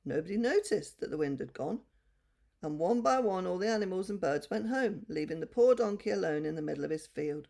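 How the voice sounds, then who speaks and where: An older woman reading a bedtime story aloud to children, gentle and expressive. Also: on the low side, brisk, gravelly.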